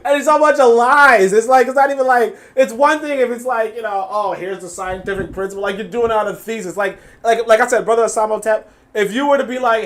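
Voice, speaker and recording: A man's voice: high-pitched, brisk. Mocking man riffing on live chat. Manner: animated, mocking, swears freely, laughs often. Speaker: host reacting to videos and reading chat. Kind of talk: casual live-stream commentary.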